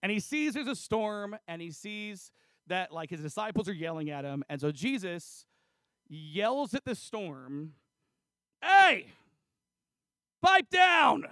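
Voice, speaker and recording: A man's voice: high voice, expressive, measured pace, no echo. A man preaching a casual, chatty sermon, retelling a story with lots of fillers and acted-out dialogue. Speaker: pastor. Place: church.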